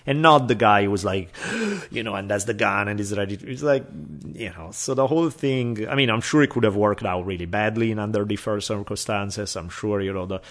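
Man, low pitch, casual storytelling, animated quoted voices. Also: brisk, hardly any pauses.

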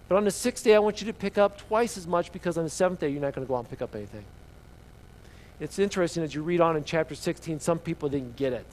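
Animated preacher man telling a story. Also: on the high side, fast talker, low-quality recording. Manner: animated storytelling, sharp swings from loud to hushed. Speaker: pastor. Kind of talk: sermon.

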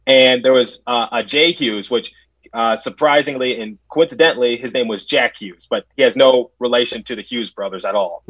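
A young man and podcast host telling a casual story, with stumbling restarts and loud acted-out quotes. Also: mid-range voice, moderate pace, husky, no echo. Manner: animated, stumbling restarts, acts out quotes loudly. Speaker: podcast host and play-by-play announcer. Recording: dry, slightly muffled lo-fi audio.

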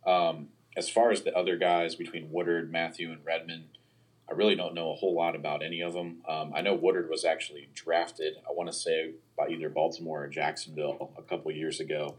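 A man with a very deep, husky voice talks through a sports roster in a relaxed podcast chat. His delivery stays flat and even, and he often pauses on fillers while he weighs his points. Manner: hedging, analytical, frequent "you know" and "um". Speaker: sports analyst guest. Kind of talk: casual football podcast chat.

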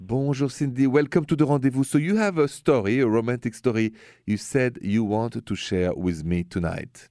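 A man's voice: mid-range voice, normal speed, mellow, dry recording, studio quality. A man with a thick French accent hosting a radio call-in show, chuckling and poking fun at himself. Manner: chuckling, self-deprecating.

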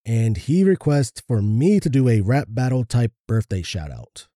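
Mellow man reading birthday shout-outs. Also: mid-range voice, very animated, normal speed, no echo, studio quality. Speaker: podcast co-host.

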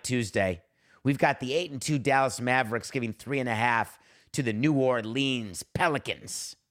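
A man's voice: lowish voice, fairly bright tone. A man hosting a sports podcast, ranting with sarcasm and indignant rhetorical questions. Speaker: podcast host. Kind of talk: sports talk monologue.

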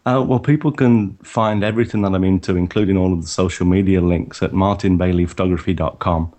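A man's voice: sits low, fairly even intonation, a little fast, a little mellow. A man guesting on a photography podcast, talking casually about his upcoming tours with many restarts and fillers. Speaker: photography workshop leader, guest.

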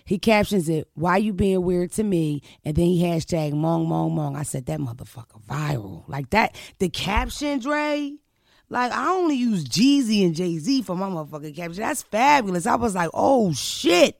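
A young woman tells her story on her podcast. She is brash and profane and keeps the talk animated. Her voice has a gravelly fry, and the recording is dry and close. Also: on the low side, normal speed, no echo. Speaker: podcast host. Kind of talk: casual storytelling chat.

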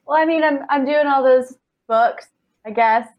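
A woman with a fairly high voice chats as a podcast guest, bubbly and blunt. She swears freely and laughs easily. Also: normal speed, muffled recording. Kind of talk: casual podcast chat.

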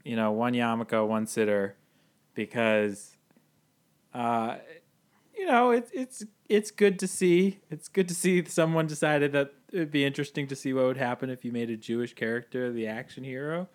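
A man's voice: medium pitch, moderate pace. Laughing man hosting a movie podcast. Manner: laughs often, animated. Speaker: podcast host. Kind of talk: casual chat.

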